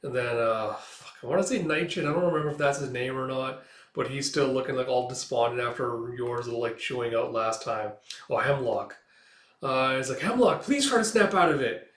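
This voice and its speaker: A man's voice: mid-range voice, fairly even intonation, normal speed, fairly bright tone. Male host for a casual comic read-through with a roomy echo and plenty of fillers. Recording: echoey room.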